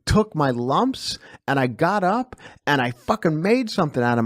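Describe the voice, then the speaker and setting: A man's voice: on the high side, sing-song, moderate pace, hardly any pauses, no echo, clean studio sound. A man from Long Island hosting a comedy podcast, rambling and self-deprecating and swearing casually as he plugs his shows. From Long Island, New York.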